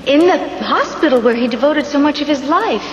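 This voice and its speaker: An actress playing a devoted adult daughter in a 1990s daytime soap, insistent and reassuring. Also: female voice, high-pitched, expressive, fairly quick, in a large hall, muffled recording, slight background noise. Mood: consoling.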